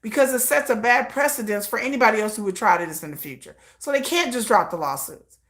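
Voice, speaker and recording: A woman's voice: a little high, lively intonation, fast talker, fairly bright tone. A woman hosting a livestream in casual commentary style, talking bluntly and emphatically with slang and swearing. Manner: blunt, emphatic and opinionated, with frequent laughs; slangy and profane. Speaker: livestream host.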